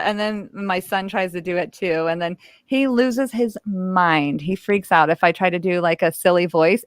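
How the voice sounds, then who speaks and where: A woman in her thirties from Northern California hosting a live-stream trivia game, playful and quick to break into silly squeaky voices. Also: clean tone, no room sound, clean studio sound. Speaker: host.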